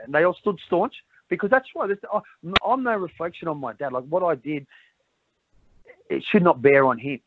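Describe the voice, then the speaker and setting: This candid interview guest is a middle-aged man with an Australian accent who rambles, repeats himself and keeps dropping "mate" into his talk. He speaks on the high side with lively intonation at a moderate pace, over a dry, tinny, phone-like line with a slight hiss or hum.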